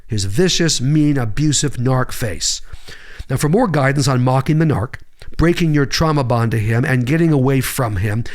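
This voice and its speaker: A man with a somewhat high-pitched voice gives advice straight to his viewers. His delivery is blunt and emphatic, with punchy lines and sharp upward jumps for emphasis. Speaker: psychologist giving relationship advice. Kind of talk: direct advice monologue to viewers.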